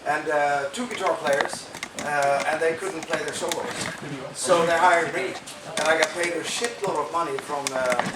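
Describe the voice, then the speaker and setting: Joking man, slightly high voice, echoey. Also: moderate pace. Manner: joking, self-mocking, swears freely. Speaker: guitarist. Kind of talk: panel discussion. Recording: echoey room, distant mic, loud noise.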